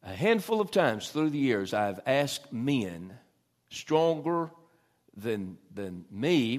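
A man preaching a sermon in a church, swelling loud and dropping soft. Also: medium pitch. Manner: folksy Southern preaching, swells loud then drops soft. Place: church sanctuary.

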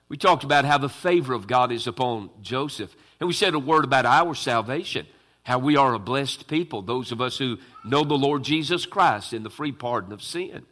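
A man's voice: fairly high pitch, fairly bright tone. A man preaching a sermon to his congregation, emphatic and full of rhetorical questions. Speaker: pastor.

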